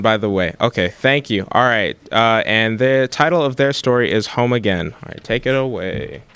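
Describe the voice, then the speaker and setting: A man introducing storytellers at a live event, relaxed and joking, with fillers and restarts. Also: mid-range voice, a little hiss or hum.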